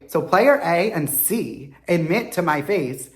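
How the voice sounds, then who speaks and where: A young man telling a storytime monologue about his reality competition run, in an animated, slangy way, acting out what others said. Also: slow pace, vocal fry, echoey room. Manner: animated and slangy, acting out quotes with big pitch jumps. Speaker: former reality competition contestant.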